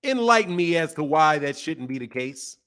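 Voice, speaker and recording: A man hosting a boxing live stream and ranting in a sarcastic, heated way, swinging from mock pleading to loud outbursts. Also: a little high, expressive, normal speed, clear, resonant tone. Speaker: boxing channel host. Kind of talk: live-stream commentary and rant.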